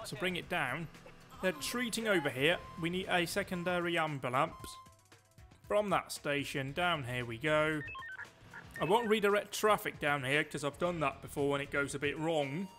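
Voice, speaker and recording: A man giving excitable, chatty live commentary while he plays a game, joking to himself as he goes. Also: a little high. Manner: excitable, talks loud, quips at himself. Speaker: streamer.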